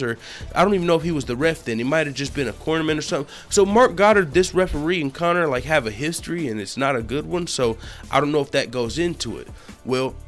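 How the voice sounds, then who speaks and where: A man giving casual news commentary on a video blog, animated and swearing often. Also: mid-range voice. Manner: animated, swears a lot, acts out quotes loudly. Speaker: MMA news vlogger.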